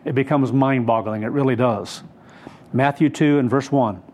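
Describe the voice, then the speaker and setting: A male preacher explaining a scripture passage to his congregation. He speaks in an unhurried, emphatic way, with plenty of ums and restarts. His voice sits at a middle pitch. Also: a little mellow. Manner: unhurried, emphatic storytelling with many fillers. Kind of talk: sermon.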